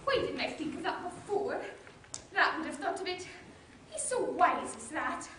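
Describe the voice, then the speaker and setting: A woman on stage playing a timid, gentle little male mole who talks nervously, with stammers and breathless asides. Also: extremely high pitch, very animated, normal speed, full character voice. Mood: frightened. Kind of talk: stage play performance. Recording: distant echoey stage recording with faint hiss.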